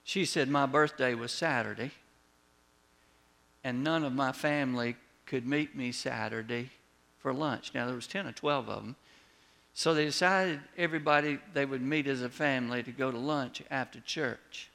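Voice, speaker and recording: A man preaching a sermon as a pastor, telling a personal story with lively retold dialogue and words that drop soft at the ends of lines. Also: mid-range voice, normal speed, gravelly. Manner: storytelling, animated when retelling, drops soft on closing words.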